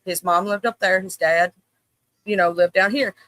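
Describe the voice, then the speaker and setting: Bright, emphatic woman telling a story. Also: medium pitch, steady tone, normal speed, no room sound, poor audio. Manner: storytelling, emphatic, swears casually. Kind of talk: casual group chat on a live stream.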